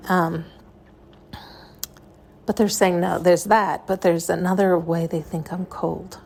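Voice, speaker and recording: A woman's voice: lowish voice, fairly even intonation, normal speed, vocal fry, darkish tone, slight background noise. A woman hosting a podcast, talking in a rambling, frank and profane monologue. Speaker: podcast host. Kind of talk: casual intuitive monologue.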